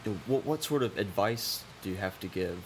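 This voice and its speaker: A man hosting a casual interview, telling a story in a halting, rambling way. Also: fairly low pitch, lively intonation, slight background noise. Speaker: podcast host. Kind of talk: casual chat.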